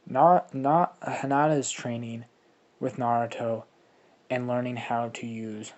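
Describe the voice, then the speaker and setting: A young man spins a fan-made story off the cuff, rambling and swearing freely as he goes. His voice sits at a middling pitch, and he often chuckles at his own jokes. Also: steady tone, unhurried, darkish tone, lo-fi sound. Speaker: fan-fiction narrator and channel host. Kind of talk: casual spoken fan-fiction storytelling.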